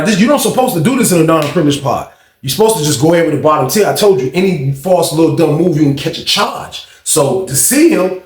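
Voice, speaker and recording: A man telling a prison story in casual, animated slang, acting out quotes with loud high shouts and hushed asides. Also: echoey room. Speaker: storyteller vlogger.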